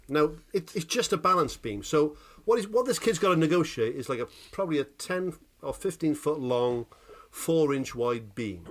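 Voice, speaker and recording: A man co-hosting a casual chat podcast, telling animated, sweary stories and checking in with "right?" after every point. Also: a little high. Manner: animated storytelling, sweary, keeps asking "right?". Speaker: podcast co-host.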